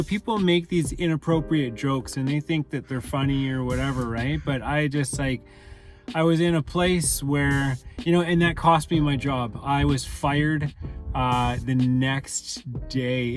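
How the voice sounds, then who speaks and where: A man talking casually and candidly in a rambling monologue, full of fillers and restarts. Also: mid-range voice. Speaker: channel host.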